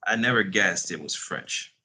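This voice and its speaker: A man's voice: deep voice, normal speed, bright, forceful tone, slightly rough, exaggerated voice. A man voicing a nervous, timid young male interviewer who asks hesitant, eager questions in a read-aloud story. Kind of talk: reading a novel aloud.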